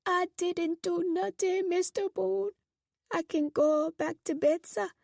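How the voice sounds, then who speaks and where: A woman's voice: very high voice, fairly even intonation, takes it slowly, creaky, darkish tone, no room sound, clean studio sound, voice pushed up, heavily acted. A woman voicing a terrified young boy. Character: frightened young boy inmate, shaking.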